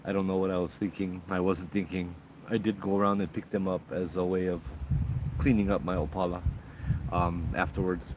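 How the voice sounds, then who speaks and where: A relaxed man with a very low, deep voice, chatting easily to a live audience outside after dark. Crickets and insects buzz clearly behind him in the open night air. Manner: relaxed, chatty, greets viewers by name. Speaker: host of a live ghost story stream. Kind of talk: casual live-stream chat outdoors. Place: outdoors at night in a rural spot. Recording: outdoor night noise, crickets.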